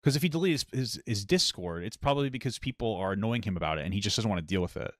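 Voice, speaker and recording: A man hosts a reaction video and rambles as he works through his thoughts. He talks fast in a lowish voice, and the sound is dry and close. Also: expressive, no room sound. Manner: rambling, thinking aloud. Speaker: host. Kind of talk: casual reaction commentary.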